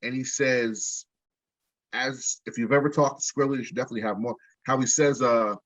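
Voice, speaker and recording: A man's voice: medium pitch, moderate pace, a bit bright, no room sound. A rapper being interviewed, telling a long story in a loose, jokey, profane way, stumbling and restarting as he goes. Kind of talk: casual storytelling. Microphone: video call. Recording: dull lo-fi video call audio.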